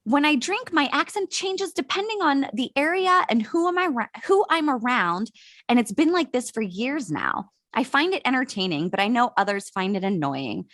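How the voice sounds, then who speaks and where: An American woman in her late thirties, co-hosting a podcast and telling stories in an animated, profane, laughing way. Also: high-pitched, moderate pace, no echo, studio quality. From United States. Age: late 30s. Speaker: podcast co-host. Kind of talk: casual storytelling chat.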